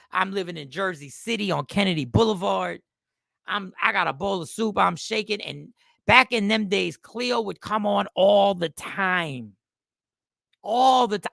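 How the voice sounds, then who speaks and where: A man's voice: sits high, gravelly, bright, forceful tone, no room sound, studio quality. A man in his fifties, a comedian and host, telling a rambling, self-mocking story in a casual style.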